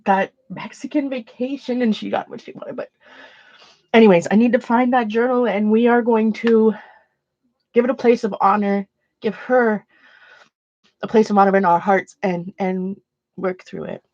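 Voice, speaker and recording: A woman's voice: medium pitch, steady tone, normal speed, long pauses, a little mellow, no room sound, muffled recording. A woman casually chatting on her art livestream, rambling and questioning herself with many restarts. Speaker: art journaling streamer. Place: home art room with shelves.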